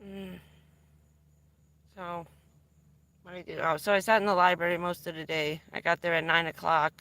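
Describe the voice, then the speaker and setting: A middle-aged woman from New Jersey on a vanlife live stream, talking casually and telling rambling, excitable stories with the odd swear word. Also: lowish voice, normal speed, no room sound. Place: in or around her van.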